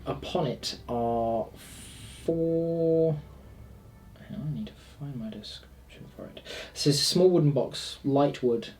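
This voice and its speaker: A man runs a tabletop game as dungeon master, slowly laying out the scene with pauses and fillers. His voice sits at an ordinary middle pitch, and soft music plays faintly behind him. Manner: slow, deliberate descriptive narration with fillers.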